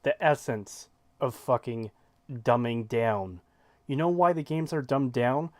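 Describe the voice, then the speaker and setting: A man's voice: medium pitch, slow, dry recording. A male stream host rants heatedly and swears freely. His voice sits in a middle range and is recorded dry and close, with no room sound. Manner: heated, profane ranting. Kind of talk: reaction stream rant.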